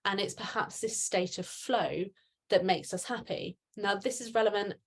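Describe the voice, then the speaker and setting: A woman's voice: medium pitch, moderate pace, fairly bright tone, husky. A middle-aged woman presenting a webinar, explaining in a chatty way with fillers and restarts. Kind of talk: webinar talk.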